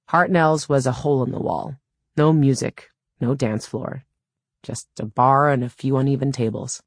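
A woman's voice: extremely low pitch, no room sound. A woman reading a first-person audiobook in a wry, dry storytelling manner, close to a studio mic. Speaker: audiobook narrator.

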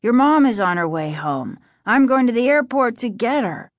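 A woman reading the lines of a cheerful middle-aged father who shouts good news. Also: a little high, moderate pace, no room sound, studio quality, pitched above the performer's own voice. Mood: excited. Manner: excited shouting.

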